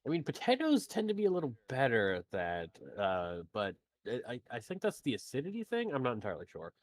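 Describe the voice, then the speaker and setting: A man's voice: medium pitch, wildly swooping pitch, fairly quick, no room sound. Man player, dry wry humor, close dry sound. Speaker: tabletop game player. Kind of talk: casual play chat.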